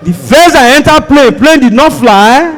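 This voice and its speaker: A man's voice: very high voice, animated, measured pace, fairly bright tone, exaggerated voice. A man voicing a naive grown man on his first flight, asking bewildered questions.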